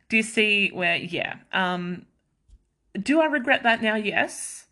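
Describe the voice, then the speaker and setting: Bright chatty woman. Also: mid-range voice, expressive. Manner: chatty and self-mocking, quick asides, laughs often. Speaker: podcast host. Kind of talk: casual chat.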